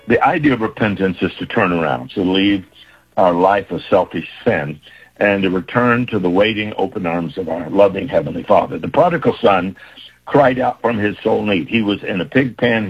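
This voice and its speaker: Very husky low-voiced male preacher. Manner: earnest, repetitive preaching cadence. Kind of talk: sermon. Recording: dull lo-fi recording with faint music.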